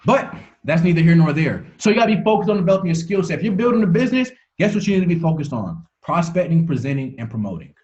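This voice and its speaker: A man's voice: high voice, expressive, very fast, darkish tone. Repetitive preaching man on a lo-fi call. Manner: preachy, repeats phrases for emphasis, stumbles and restarts. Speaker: motivational speaker. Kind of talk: motivational talk on a call.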